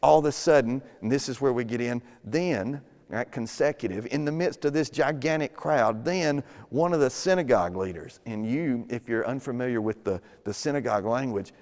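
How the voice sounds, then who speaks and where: A male pastor preaches in a relaxed, storytelling way, slipping into quick acted voices for the people in his story. His voice sits at an ordinary middle pitch. A long reverb trails behind every phrase, as in a big sanctuary. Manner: casual storytelling with acted-out quotes. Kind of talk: sermon. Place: church sanctuary.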